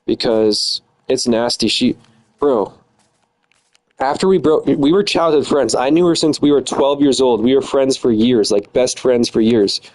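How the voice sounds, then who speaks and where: A man's voice: medium pitch, a little slow, a little mellow, rough recording. A man in his twenties ranting angrily and profanely in a casual, bitter way. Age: 20s. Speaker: streamer. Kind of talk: angry casual rant.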